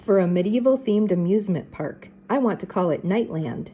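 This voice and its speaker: A woman voicing a greedy older male real-estate developer who speaks slowly and bluntly. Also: mid-range voice, lively intonation, mellow, slight background noise, close to an everyday voice, low-quality recording.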